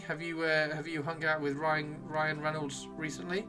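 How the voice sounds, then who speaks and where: A man's voice: fairly high pitch, steady tone, measured pace, hardly any pauses, over music. A man chatting casually on a live stream while painting miniatures, rambling and playfully teasing his chat.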